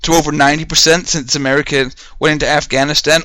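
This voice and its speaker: A man's voice: a little high, steady tone, brisk, few pauses, bright, forceful tone, dry recording. A man hosting a podcast, ranting heatedly in a solo monologue, swearing and firing off rhetorical questions. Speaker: podcast host.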